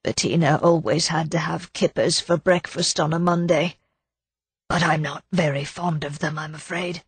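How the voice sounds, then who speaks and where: A woman reading an audiobook, voicing a shy, grieving older man who speaks softly and apologetically. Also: low-pitched, steady tone, moderate pace, slightly rough, no room sound, full character voice. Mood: apologetic. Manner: soft, apologetic, subdued. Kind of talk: audiobook narration.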